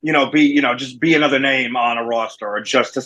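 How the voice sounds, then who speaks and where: Over a remote call, this New Jersey-accented wrestling manager tells stories as a guest in a laid-back interview, performing the voices of people he quotes. He speaks briskly in a mid-range voice that's a bit bright with a breathy edge, on a low-quality recording.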